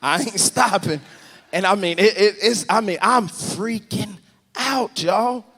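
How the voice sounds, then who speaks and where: Brief: male preacher, high voice, animated story-sermon with shouted peaks, long church reverb. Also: a little slow. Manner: animated, swings to shouting, addresses the congregation directly. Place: large church sanctuary.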